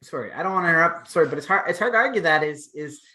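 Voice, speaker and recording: A man's voice: fairly high pitch, lively intonation, rapid-fire, bright, forceful tone. A man in his thirties co-hosting a casual wrestling chat show, talking in long rambling runs with fillers and restarts. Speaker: podcast co-host.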